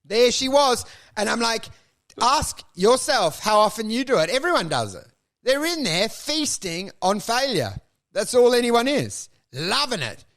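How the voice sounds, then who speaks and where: A man's voice: very high-pitched, sing-song, unhurried, a bit bright. A young adult man, co-hosting a casual comedy podcast, riffing crudely and slipping into mocking voices. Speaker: podcast co-host.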